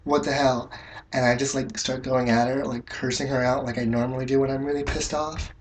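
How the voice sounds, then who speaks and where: A man talks casually to camera as he works on his makeup, rambling and leaning on filler words. His voice sits at an average pitch for a man. A faint hum of ambient noise stays underneath. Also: little pitch movement, fairly quick. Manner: rambling, filler-heavy, frank and profane. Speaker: makeup vlogger. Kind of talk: casual storytelling while doing makeup.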